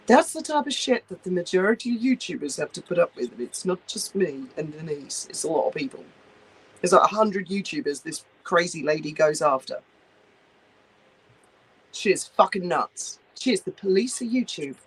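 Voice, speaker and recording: A woman's voice: lowish voice, animated, normal speed, slightly rough, poor audio. A woman in casual chat who talks bluntly, swears freely and mocks people. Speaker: co-host.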